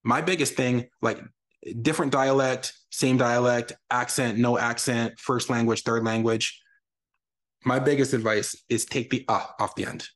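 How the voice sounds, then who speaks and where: A young adult man, a reading educator, giving a lively online lesson for parents and answering their questions. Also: mid-range voice, a little slow. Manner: energetic, explains with sound examples. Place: lives in Texas.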